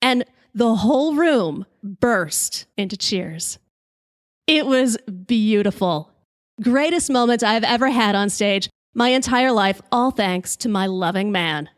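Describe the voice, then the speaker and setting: A woman podcast host telling a comic story in a lively, brash way, swearing freely. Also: medium pitch, slow, no echo, clean studio sound.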